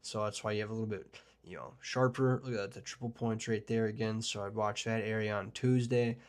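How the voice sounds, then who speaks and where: A man hosting a live weather forecast stream, talking casually and rambling with lots of fillers, excited about storms and chatting with viewers. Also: lowish voice, brisk. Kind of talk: live forecast discussion with chat.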